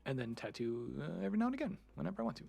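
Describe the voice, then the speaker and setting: A man's voice: on the high side, sing-song, racing, creaky, darkish tone, breathy edge. A man streamer in casual live chat, rambling freely, laughing often and swearing. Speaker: streamer and 3D content creator.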